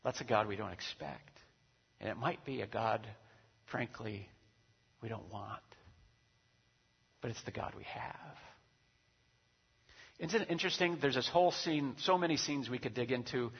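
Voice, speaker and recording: A man pastor preaching a sermon, animated and acting out quoted voices with big swings in loudness. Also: medium pitch, measured pace, creaky, pauses often, breathy edge. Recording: dull recording with long hall reverb.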